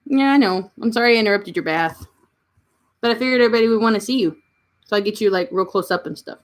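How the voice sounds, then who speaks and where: A woman's voice: medium pitch, quick pace. A woman with a Kentucky Southern accent, chatting casually on a livestream and answering her chat. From Kentucky, USA. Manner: chatty, answers chat comments warmly, coos at her pets. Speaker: livestream host.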